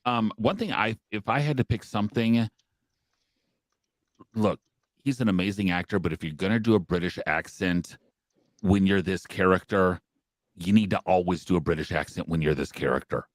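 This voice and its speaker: Low-voiced man, hesitant podcast chat. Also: moderate pace, dry recording. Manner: hesitant, many ums. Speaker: podcast co-host. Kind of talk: casual discussion.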